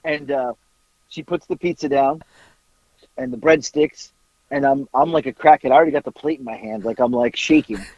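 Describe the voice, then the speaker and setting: A man on a podcast telling a casual story, animated, acting out bits of dialogue and swearing casually. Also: medium pitch, normal speed, dry recording, muffled recording. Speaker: podcast co-host.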